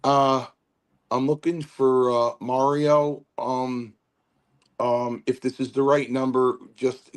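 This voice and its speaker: A man impersonating a gruff old wrestler. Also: medium pitch, little pitch movement, slow, pitched above the performer's own voice, close to an everyday voice. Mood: hesitant. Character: gruff older male wrestling veteran, fatherly.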